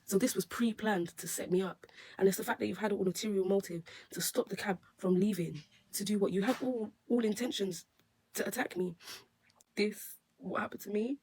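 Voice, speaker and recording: A woman's voice: medium pitch, normal speed, a little mellow, husky. A woman who works as a nail technician, telling a story on her vlog in a rambling, emotional way with many restarts. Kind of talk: storytime vlog recounting an incident.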